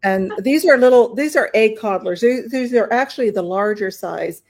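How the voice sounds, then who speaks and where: A woman's voice: on the high side, normal speed. A woman running a live online auction, chatting casually about each item and talking to bidders. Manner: chatty, rambling, warm toward bidders, many fillers. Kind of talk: casual live-stream selling chat.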